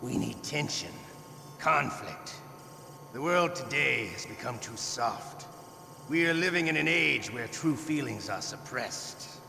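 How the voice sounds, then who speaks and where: Cruel taunting game torturer, gravelly, bright edge, echoey hum. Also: male voice, medium pitch, lively intonation, full character voice. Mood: brooding. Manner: taunting, slow and deliberate. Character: cruel middle-aged male torturer, mocking and calm. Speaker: game villain.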